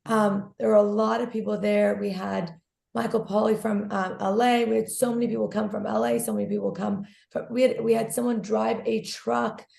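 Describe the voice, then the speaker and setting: Her voice is hoarse and gravelly from screaming at a protest as this woman activist joins a casual interview as a guest over a video call in an echoey room. She talks at normal speed and medium pitch, excited, chatty, and gushing.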